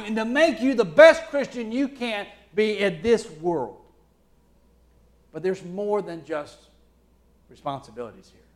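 High-voiced Alabama-accented preacher. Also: male voice. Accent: Southern US, Alabama. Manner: swings between loud preaching and hushed, low asides. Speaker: pastor. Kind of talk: sermon.

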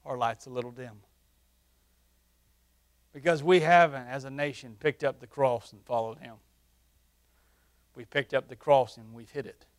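A man preaching a sermon through a face mask, surging into loud, emphatic peaks and then dropping to hushed, low passages. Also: fairly even intonation, a little slow, pauses often. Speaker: pastor. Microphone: wearing a face mask while preaching.

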